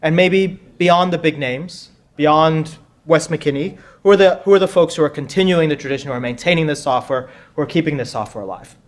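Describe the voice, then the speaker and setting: A man's voice: on the high side, brisk, few pauses. A man hosting a pub quiz at a tech conference, chatty and joking, often repeating himself. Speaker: quiz host. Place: conference room with audience.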